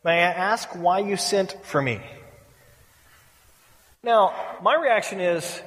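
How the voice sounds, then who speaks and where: A man's voice: sits high, slow, pauses often, a bit bright. A middle-aged man preaching a sermon, telling stories with playful humor and acting out the people he quotes. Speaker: pastor. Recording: reverberant hall.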